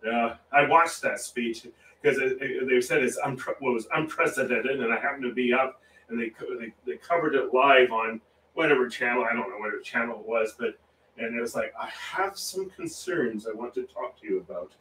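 A man talks casually as he paints, rambling, restarting his sentences and chuckling often. He sits a little back from the mic, so the room echo is clear, with a faint hum of room noise under his voice. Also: mid-range voice, steady tone, fairly quick, sharp tone, distant mic. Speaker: livestream painting host. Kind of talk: casual chat while painting.

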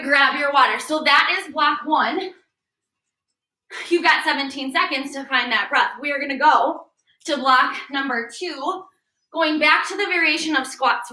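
A high-pitched young woman trainer leads a workout, cueing form and counting down with upbeat energy. Her bright voice rings through a roomy, echoey space. She sounds a little away from the microphone. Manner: upbeat coaching, counting down reps, frequent "right?". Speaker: fitness trainer. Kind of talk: leading a workout class. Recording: echoey room, voice a bit distant.

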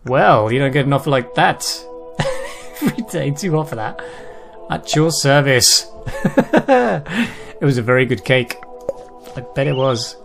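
Lively man reading game text. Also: mid-range voice, unhurried, gravelly, pauses often. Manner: reads game text aloud, chuckles often, exclaims. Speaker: gameplay commentator. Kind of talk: casual let's-play commentary. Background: game music.

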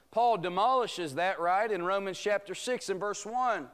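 A man's voice: sits high, normal speed, hardly any pauses, fairly bright tone. A man teaching a church Bible study, preaching emphatically and drawing out amens from the congregation. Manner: emphatic, rhetorical preaching with calls of amen. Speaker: pastor. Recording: church sanctuary recording.

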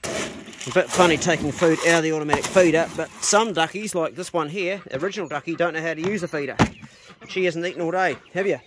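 New farm guy, slightly high voice. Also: fast, background noise. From New Zealand. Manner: talks to his dogs and ducks in a coaxing, commanding way. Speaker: vlogger. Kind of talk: casual outdoor vlog.

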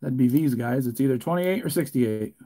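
A man hosting a live card break, chatting casually and joking, getting loud and excited. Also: medium pitch, a little fast. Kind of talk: live stream break commentary.

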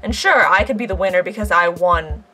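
A woman casually commenting while she plays a game, playful and excitable, cheering and trash talking and now and then squeaking in a silly high voice. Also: fairly quick, soft background music. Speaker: gaming video creator. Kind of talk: playing a game with live commentary.

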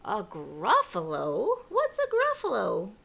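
A woman voicing a hungry owl in a picture-book reading, hooting and excitable. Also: mid-range voice, takes it slowly, vocal fry, exaggerated voice. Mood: grand. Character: grand, hungry owl in a tree.

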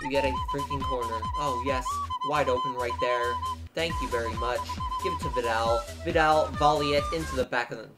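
A young man talks over his own football game, muttering low one moment and yelling at the referee the next, swearing freely. His pitch jumps about wildly with every chance. Loud game music plays behind him. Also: brisk. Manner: excitable, swears a lot, swings from muttering to yelling. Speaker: gaming YouTuber. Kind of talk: live gameplay commentary.

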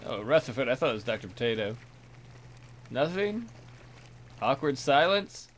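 A man's voice: mid-range voice, big pitch swings, moderate pace, a little hiss or hum. A man hosting a let's play, chatting casually and joking crudely about his game characters.

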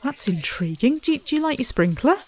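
A woman's voice: high voice, sing-song, a little fast, darkish tone, a little hiss or hum. A woman casually commenting while playing a zoo-building game, chatty and self-mocking, talking to the animals and visitors. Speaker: let's play host.

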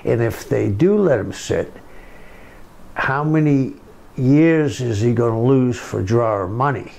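A man talking slowly and deliberately in a casual wrestling interview. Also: medium pitch, lively intonation, creaky, darkish tone. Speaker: wrestling guest.

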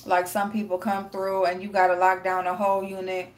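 A woman's voice: medium pitch, completely flat delivery, brisk. A woman hosting a casual live stream, reading chat and greeting viewers by name, blunt and profane with frequent laughter.

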